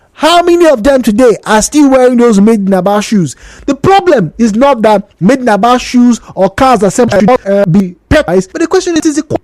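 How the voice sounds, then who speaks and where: A woman with a Nigerian accent hosting a radio talk show, opening it with a lively monologue and questions for the listeners. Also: a little high, no room sound. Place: radio studio. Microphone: studio microphone.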